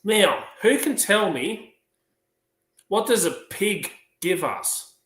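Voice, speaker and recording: A woman's voice: mid-range voice, sing-song, takes it slowly, slight background noise, pitched above the performer's own voice. A man voicing a chirpy female schoolteacher quizzing her class, with a sing-song, encouraging way of talking. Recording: roomy echo.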